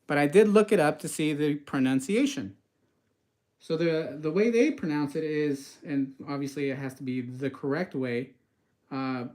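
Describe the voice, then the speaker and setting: Talking with viewers during a live cooking stream, this man from the western US keeps drifting off topic in a relaxed, chatty way. His voice leans high with a darkish tone, and the rough recording sounds roomy.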